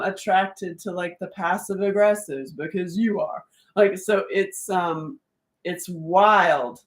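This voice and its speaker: Candid chatty woman in an echoey room. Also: fairly low pitch. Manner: candid, chatty, laughs often, asks listeners if they relate. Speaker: self-help workbook host. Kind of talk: casual live-stream talk. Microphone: phone or webcam during a live stream.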